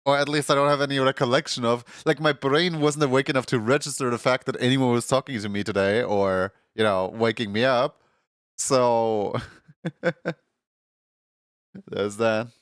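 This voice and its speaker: A man's voice: medium pitch, steady tone, normal speed, clean tone, no room sound, clean studio sound. Groggy man with a morning voice. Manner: rambling, laughs often, many fillers. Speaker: streamer. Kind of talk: casual stream chat.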